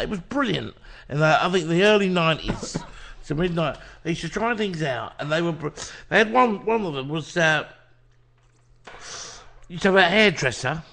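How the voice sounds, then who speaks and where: A man's voice: fairly high pitch, gravelly, fairly bright tone. A man in casual podcast chat, rambling and swearing, with lots of false starts. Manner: swearing, rambling, full of restarts.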